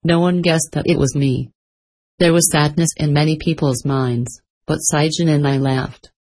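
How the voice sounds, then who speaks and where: A woman's voice: low voice, fairly even intonation, normal speed, darkish tone. A woman reading the lines of a bitter, guilt-ridden old man held in chains, in a storybook telling.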